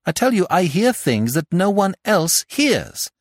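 Man reading as jittery young man, higher, pleading, lively delivery. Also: normal speed, no room sound, clean studio sound. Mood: distraught. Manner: urgent, distraught. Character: agitated anxious young man.

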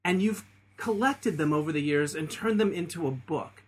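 A man's voice: a little high, moderate pace, husky. Chatty enthusiastic podcast host, man. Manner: chatty, enthusiastic, with frequent ums. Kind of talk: podcast interview.

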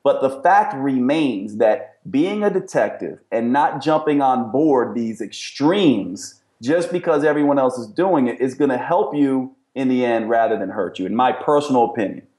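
A man's voice: mid-range voice, animated, normal speed, few pauses, a little mellow, echoey room. A middle-aged man, a nutrition expert and podcast guest, explaining his views in an emphatic, explanatory way. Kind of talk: podcast interview.

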